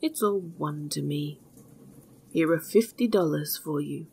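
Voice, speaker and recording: Ashamed scolding dad in a fairy tale, breathy, measured delivery, woman reading. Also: deep voice, dark tone, voice pushed down, full character voice. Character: stern, ashamed older father, scolding.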